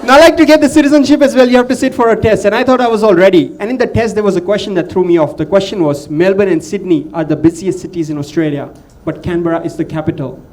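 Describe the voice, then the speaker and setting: A man's voice: fast, few pauses, darkish tone. A man from India doing a chatty stand-up set, teasing the crowd. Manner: chatty, teasing the crowd, drops low to mimic his father. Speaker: stand-up comedian.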